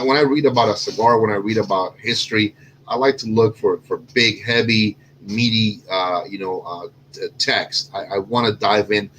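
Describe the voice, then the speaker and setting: A man's voice: fairly low pitch, fairly bright tone, a little hiss or hum, poor audio. A man from Cuba hosting a casual cigar show, rambling and correcting himself with lots of fillers. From Cuban. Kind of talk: casual chat.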